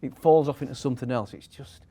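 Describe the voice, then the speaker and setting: A man's voice: mid-range voice, quick pace, dark tone. A man hosting a casual interview, chatty and agreeable, with frequent backchannel agreement. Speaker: interviewer, host.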